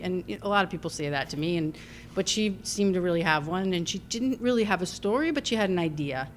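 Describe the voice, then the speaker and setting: Low-voiced Long Island woman, halting. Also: animated, slight background noise. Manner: thoughtful, halting with many ums and restarts. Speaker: filmmaker guest. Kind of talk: casual interview.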